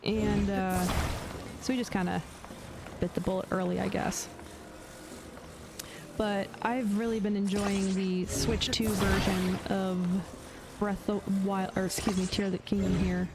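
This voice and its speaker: A woman's voice: mid-range voice, little pitch movement, a little slow, pauses often, noisy background. A woman streamer chatting casually while playing a game, laughing often and trailing off into fillers and restarts. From United States. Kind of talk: casual chat while gaming.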